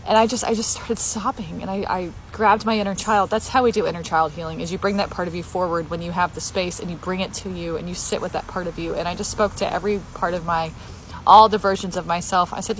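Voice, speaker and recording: A woman's voice: on the low side, steady tone, brisk, slight background noise, low-quality recording. A woman sharing a personal healing story and speaking heartfelt, repeated affirmations straight to her viewers. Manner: heartfelt, repetitive affirmations, tearful at times. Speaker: healing content creator. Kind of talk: emotional personal sharing to camera.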